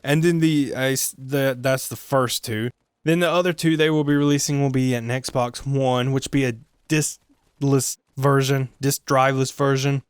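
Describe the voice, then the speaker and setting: Male gaming vlogger, mid-range pitch, resonant voice, dry close sound, rambling self-mocking delivery. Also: fairly even intonation, normal speed, clean tone, no room sound. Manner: joking, self-mocking, sidetracked asides; stumbles and restarts often. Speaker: gaming video creator. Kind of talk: rambling solo gaming commentary.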